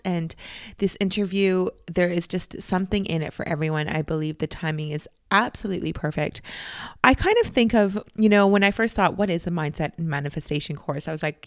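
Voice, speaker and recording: Chatty, laughing woman podcast host, lowish voice, close and dry. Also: dry recording. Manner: bubbly, laughs often, many fillers. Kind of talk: casual podcast interview.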